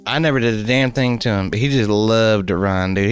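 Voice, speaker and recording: A man's voice: mid-range voice, quick pace, hardly any pauses, smooth, soft background music. A man streaming live, casually telling a story, swearing a lot and laughing often. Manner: profane, laughing, animated.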